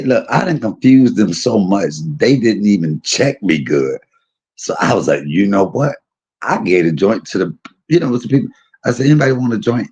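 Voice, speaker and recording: A deep-voiced, middle-aged man casually recounts a personal story, animated and laughing as he goes. He uses street slang and acts out the quotes.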